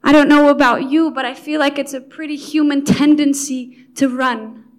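A woman preaching a devotional Bible talk with earnest feeling, dropping soft and then swelling loud for emphasis. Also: high voice, steady tone, normal speed.

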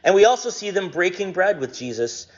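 A man preaching a conversational sermon, relaxed and jokey, with frequent ums. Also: sits high, brisk. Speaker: pastor. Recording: dull lo-fi recording.

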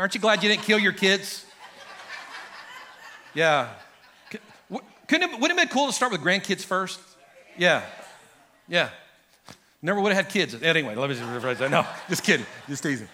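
A middle-aged man preaches to his congregation in a lively, animated way, calling out to the crowd and rising into shouts. His voice sits high for a man and has a bright, forceful edge. It is a church sermon delivered in a large sanctuary. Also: moderate pace, long pauses, a little hiss or hum. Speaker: pastor.

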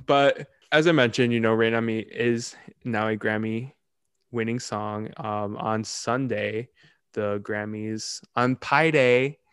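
A young man co-hosting a podcast in casual chat, talking in quick, animated bursts and laughing often. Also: on the low side, smooth, no room sound, clean studio sound. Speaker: podcast co-host.

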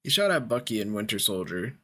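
A man's voice: fairly low pitch, sing-song, a little fast, sharp tone, slightly rough. Laid-back young man, casual podcast chat. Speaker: podcast co-host.

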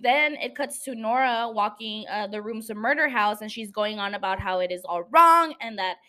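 A woman's voice: fairly high pitch, animated, normal speed, bright, forceful tone. A young woman hosting a solo podcast, chatting casually, swearing freely and laughing often. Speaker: podcast host.

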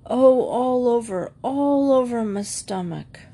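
A woman's voice: on the high side, takes it slowly, warm tone, voice pushed up. A woman voicing an eight-year-old boy who groans melodramatically to fake being sick. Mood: groaning.

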